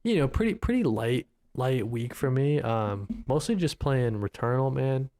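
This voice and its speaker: A male co-host in an easygoing gaming chat who rambles and keeps reaching for "you know what I mean". His voice sits mid-range in pitch and he swears now and then. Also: animated, a little slow, warm tone. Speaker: podcast co-host. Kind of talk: casual chat.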